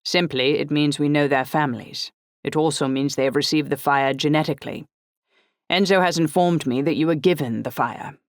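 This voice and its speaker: Lady reading as a stiff proper older guy, clipped and formal, gravelly edge, dry close sound. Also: low voice, normal speed, no room sound. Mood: urgent. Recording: dry close audiobook recording.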